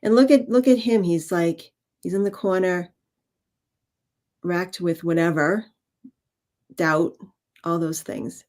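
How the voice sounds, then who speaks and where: A woman co-hosting a spiritual livestream and reading cards in casual chat over a video call, laughing easily and talking in halting phrases. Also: fairly low pitch, darkish tone. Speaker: co-host and card reader.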